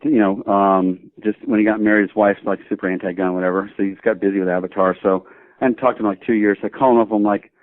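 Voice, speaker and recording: A man guest telling a casual anecdote in an animated way, acting out both sides of the conversation. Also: on the low side, fast, no echo. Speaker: guest, shooting instructor. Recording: dry, tinny phone-like audio.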